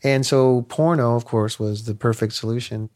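A man's voice: mid-range voice, steady tone, normal speed, noisy background. A man giving a candid interview, frankly telling anecdotes and acting out quotes. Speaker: interview guest. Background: music.

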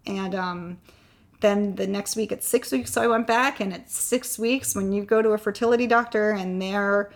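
A woman's voice: medium pitch, steady tone, normal speed. A woman in an interview, candidly telling a long personal story and getting choked up at times. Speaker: guest sharing her fertility story.

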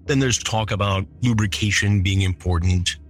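A man's voice: on the low side, normal speed. A middle-aged man hosting a true-crime podcast, reading chat logs aloud and adding incredulous, indignant commentary. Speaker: podcast host.

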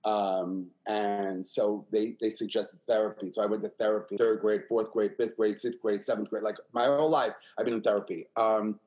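A man, a guest telling stories about his life in an interview, animated and repetitive, acting out the voices of the people he quotes. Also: fairly low pitch, moderate pace, hardly any pauses, low-quality recording. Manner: animated, repeats himself, acts out quoted voices. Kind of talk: candid interview storytelling.

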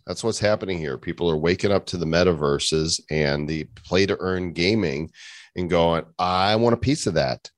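A man with a low voice hosts a casual podcast and cracks jokes. The sound is dry and close, with no room echo. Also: normal speed. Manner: joking, upbeat. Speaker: podcast co-host. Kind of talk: casual chat.

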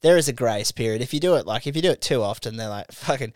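A man's voice: mid-range voice, lively intonation, racing, clear, resonant tone, no room sound, studio quality. A young man co-hosting a podcast, cracking crude jokes, swearing freely and slipping into silly put-on voices. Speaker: podcast co-host. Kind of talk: crude casual banter.

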